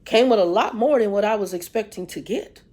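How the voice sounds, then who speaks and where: A woman hosting a ministry livestream, talking and preaching in a relaxed, conversational way, often acting out the voices of people she quotes. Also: medium pitch, a little fast. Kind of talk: casual spiritual talk. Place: in a car.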